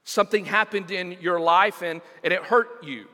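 Animated preacher in a reverberant hall. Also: male voice, high voice, normal speed. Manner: animated storytelling preacher, repeats words for emphasis. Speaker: pastor. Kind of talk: sermon.

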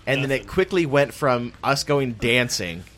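A man's voice: medium pitch, animated, measured pace, a bit bright, a little hiss or hum. A young man on a podcast, telling crude, laughing anecdotes in casual chat. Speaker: podcast co-host. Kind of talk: casual storytelling.

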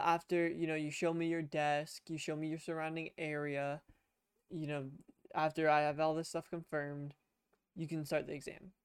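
A man's voice: on the high side, clean tone, dry recording, clean studio sound. A young man co-hosting a casual podcast, telling a long rambling story with swearing and restarts. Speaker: podcast co-host. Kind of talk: casual chat. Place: home room at a computer. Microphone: headset.

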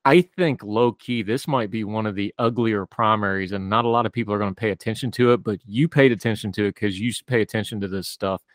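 Low-voiced man with wry asides. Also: quick pace, few pauses, no room sound. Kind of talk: casual political discussion.

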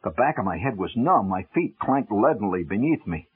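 A man telling a humorous first-person story on the radio, wry and animated, swinging from loud to hushed. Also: fairly low pitch, normal speed, slightly rough. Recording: tinny old radio broadcast with music.

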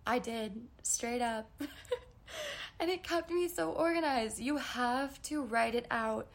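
A woman's voice: on the high side, slow, creaky. Chatty young woman answering listener questions. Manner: chatty and candid, trails off and self-corrects. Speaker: podcast host. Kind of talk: casual solo podcast answering listener questions. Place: New York.

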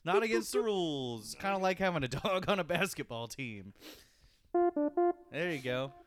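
Man, podcast co-host, animated pitch, dry close sound, jokey banter. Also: normal speed, no room sound, faint music behind. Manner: joking, laughs often, slips into silly voices. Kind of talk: casual comedic chat.

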